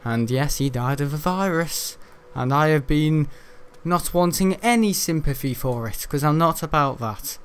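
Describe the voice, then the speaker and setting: A young man chats loosely over his gameplay, drifting from topic to topic and dropping mild swears as he goes. His voice is smooth and clear and sits a little high for a man. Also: expressive, a little slow, few pauses. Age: young adult. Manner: chatty and rambling, frequent mild swearing. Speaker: gaming YouTuber. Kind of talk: casual gameplay commentary.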